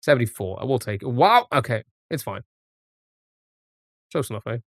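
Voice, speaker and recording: A man's voice: mid-range voice, fairly quick, no room sound. Rambling man streaming with a dry mic. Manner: thinks aloud, rambling, many restarts and fillers. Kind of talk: casual live-stream commentary.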